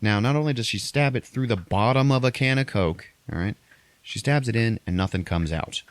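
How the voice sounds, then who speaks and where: A man hosting a podcast, casually retelling a movie plot in a rambling, profane way and briefly acting out characters in exaggerated high voices. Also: fairly quick, no room sound. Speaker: podcast host recapping a movie. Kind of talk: casual chat.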